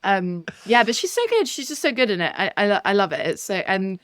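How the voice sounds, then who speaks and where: A woman's voice: medium pitch, big pitch swings, fairly quick, dry recording, studio quality. A woman co-hosting a film podcast, talking candidly and enthusiastically, with casual swearing.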